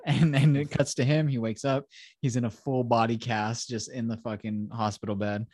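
A man's voice: mid-range voice, fairly even intonation, moderate pace, darkish tone, no echo, studio quality. A man hosting a casual podcast, animatedly retelling a film scene by scene, acting out the characters and swearing freely. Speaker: podcast host.

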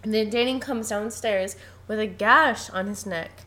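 With a mid-range voice and a slightly slow pace, this young podcast co-host recaps a film conversationally. She's animated, laughs a lot, and performs the characters' lines.

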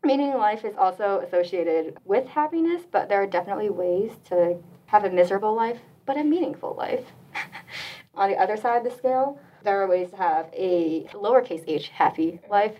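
A woman's voice: medium pitch, lively intonation, moderate pace, distant mic, dull audio. Chatty young woman leading a discussion. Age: young adult. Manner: chatty, many "like" fillers, laughs often. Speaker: student discussion leader. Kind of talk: casual chat.

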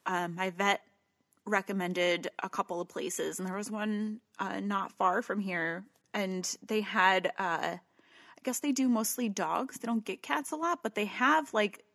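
A woman's voice: mid-range voice, measured pace, gravelly, a bit bright, no room sound. A woman talks in a loose, rambling way, piling on asides and the odd curse word as she tells her story. Her voice sits in an ordinary middle range and comes across close and dry, with no room sound around it. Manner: chatty, swearing, storytelling. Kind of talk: casual chat.

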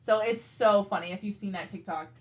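A woman's voice: medium pitch, a little fast. A woman co-hosting a podcast in casual chat, rambling through stories and laughing a lot. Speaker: podcast co-host.

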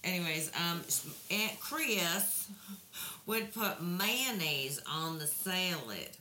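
A woman's voice: on the low side, lively intonation, slow, sharp tone, roomy sound, slight background noise. A woman co-hosting a casual podcast chat, telling rambling stories, swearing freely and laughing as she goes. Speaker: podcast co-host.

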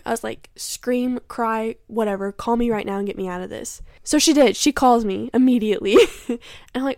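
Laughing young Midwestern woman, slightly high. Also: fairly quick, dry recording, clean studio sound. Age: 20s. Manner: animated storytelling, laughs often. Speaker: podcast co-host. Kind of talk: casual chat.

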